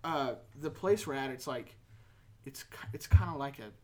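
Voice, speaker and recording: A woman's voice: extremely low pitch, moderate pace, a loud crowd. A woman co-hosting a podcast, telling a childhood story in a casual chat, rambling with fillers and laughing along. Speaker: podcast co-host.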